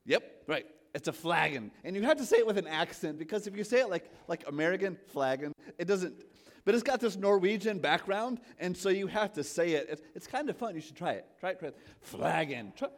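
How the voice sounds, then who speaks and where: A male pastor in his thirties giving a casual, self-deprecating sermon, asking the congregation questions and swinging from quiet asides to loud emphatic points. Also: sits high, expressive, fast, hardly any pauses. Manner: chatty, self-deprecating, asks the audience questions.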